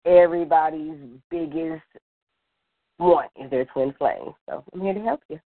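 Woman psychic guest, playful, lower voice, tinny phone line. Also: unhurried. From Los Angeles, California. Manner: playful, laughing, lively. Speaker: intuitive reader, guest. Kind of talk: casual call-in radio chat.

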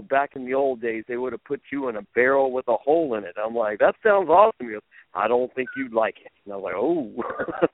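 A man guest telling wrestling-world stories in a casual interview, animated and laughing, acting out quotes in raised voices. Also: a little high, a little hiss or hum. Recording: tinny phone-like line, dry.

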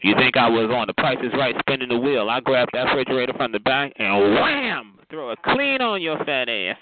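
A man on a chat line, talking at a mid pitch with a sassy, trash-talking manner and drawn-out insults. His voice comes through a tinny phone connection. Steady hiss and noise sit under every word.

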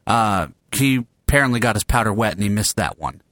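A man's voice: fairly low pitch, lively intonation, a little fast, fairly bright tone, dry recording. Joking man directing a recording session. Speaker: director and host. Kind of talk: casual recording-session banter.

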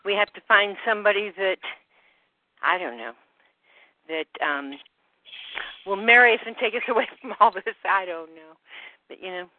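A woman's voice: mid-range voice, no echo. Breathless woman rambling over a phone line. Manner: halting, trailing off, many fillers. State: slightly out of breath. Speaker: call participant. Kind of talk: rambling phone call chat. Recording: dry phone-line audio.

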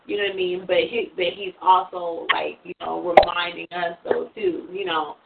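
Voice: medium pitch, little pitch movement, normal speed, gravelly, very noisy. Parent chatting on a call, lots of you know, distant and phone-y. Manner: chatty, with many fillers. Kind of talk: casual chat. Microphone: phone or call line. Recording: distant, tinny phone line.

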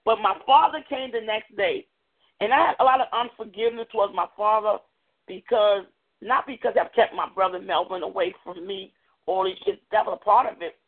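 A woman giving an earnest personal testimony as a guest speaker, halting often and restarting her words. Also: mid-range voice. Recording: tinny phone-like audio.

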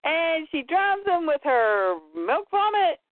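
A playful woman host retells a comic story with plenty of animation. Her voice is high and swoops widely. The sound comes through thin and phone-like, with no room around it. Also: big pitch swings, slow pace, no echo. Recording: dry tinny phone-like sound.

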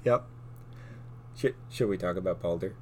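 A man co-hosting a podcast, telling lore stories in a casual chat, animated and laughing often. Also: low-pitched, normal speed, a little hiss or hum. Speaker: podcast co-host.

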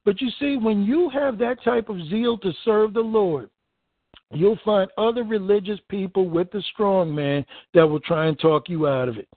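A man's voice: sits high, moderate pace, no echo. A man preaching a fervent, emphatic sermon, reading scripture aloud and expounding on it. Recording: tinny phone-like dry recording.

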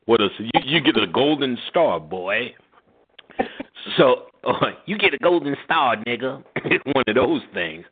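A husky middle-aged man hosts a call-in style show, talking in a loose, profane, storytelling way with frequent laughter. His voice swings widely in pitch as he acts out other people's lines, and it comes through a narrow, phone-like line. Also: sing-song, unhurried. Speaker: radio show host. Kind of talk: casual storytelling chat.

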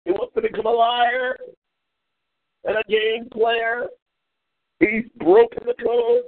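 The call-in radio host's high-pitched voice moves at a measured pace through an irate, swearing, ridiculing rant. It's recorded with tinny, phone-like quality and no room sound.

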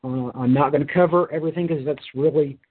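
A man's voice: on the high side, fast talker, slightly rough, narrow, tinny audio. A tired man teaching a Bible lesson, reading scripture aloud and then explaining it with frequent hesitant fillers. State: tired, yawning.

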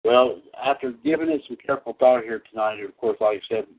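A man's voice: mid-range voice, wildly swooping pitch, brisk, vocal fry. Male host, meandering announcer delivery, phone-line sound. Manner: rambling, restarting announcements. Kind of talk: talk show hosting. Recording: tinny phone-line audio.

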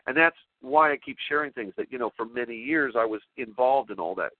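A male talk show host in a rambling spoken monologue, excitable and emotional, often restarting his sentences. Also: mid-range voice, a little fast, dry recording. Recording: tinny phone-line sound, dry.

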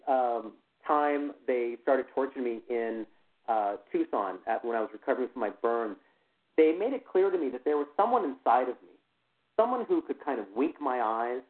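A man tells his own story as an interview guest, stopping and restarting as he goes and leaning on "you know" between thoughts. His voice sits at an ordinary middle pitch. It comes through a thin, tinny phone line. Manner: halting, full of "you know" fillers and restarts. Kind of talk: personal account in an interview.

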